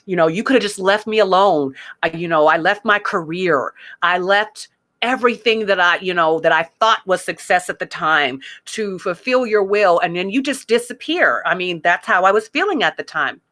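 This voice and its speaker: Bright-voiced woman sharing candid faith talk. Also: lowish voice, expressive, normal speed. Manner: emotional, conversational, reads song lyrics aloud, fillers like "like". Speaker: ministry podcast host.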